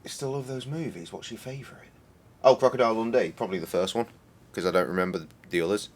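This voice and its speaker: A man's voice: lowish voice, fast, slight background noise. A man in his thirties streaming a game, rambling and joking with lots of swearing. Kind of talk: casual game stream commentary.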